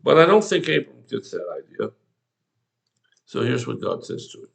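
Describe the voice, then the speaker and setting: A man's voice: medium pitch, big pitch swings, normal speed, vocal fry, pauses often. A man, an older pastor, giving a devotional sermon in a folksy, conversational way, talking straight to the listener.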